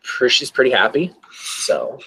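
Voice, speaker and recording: A man's voice: medium pitch, sing-song, unhurried, creaky, bright, forceful tone, slightly rough, rough recording. A man narrating as game master in a casual, rambling way.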